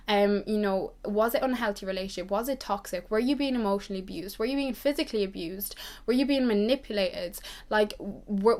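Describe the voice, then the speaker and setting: A twenty-year-old woman giving an earnest, reassuring pep talk to camera, repeating herself for emphasis. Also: mid-range voice. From Ireland. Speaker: vlogger.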